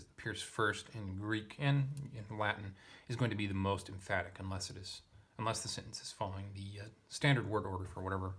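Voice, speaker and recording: A man's voice: fairly low pitch, fairly bright tone, breathy edge. A man teaching Latin, methodically parsing verb forms and thinking aloud as he reads through a text. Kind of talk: explaining Latin grammar while reading.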